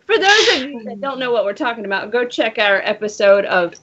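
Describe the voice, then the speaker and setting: A teasing female co-host chats on a livestream with a lively, bouncing voice that sits a little high. She ribs the others freely. Dull, lo-fi audio. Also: fairly quick. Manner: teasing, chatty. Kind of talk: casual livestream chat.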